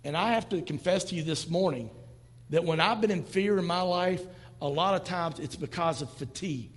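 Man in his fifties, pastor, high voice, conversational sermon, long hall echo. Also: normal speed. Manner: conversational preaching with quoted asides. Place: church sanctuary.

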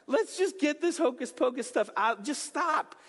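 A preacher playing an exasperated skeptical husband. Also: male voice, very high-pitched, animated, measured pace, a bit bright, pitched above the performer's own voice, exaggerated voice. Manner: dismissive, pleading to drop it. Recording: long hall reverb.

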